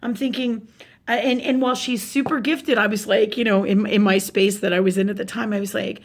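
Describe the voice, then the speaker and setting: Animated, swearing woman spiritual teacher. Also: medium pitch, fast talker. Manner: animated storytelling, swears freely, many fillers and restarts. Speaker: spiritual teacher hosting a live show. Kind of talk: casual spiritual talk to viewers.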